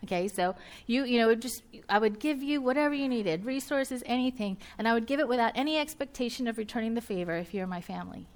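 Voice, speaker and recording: A woman's voice: fairly high pitch, quick pace. A woman with a Southern US accent preaching a sermon in a conversational way, with joking asides and voiced reactions from her listeners.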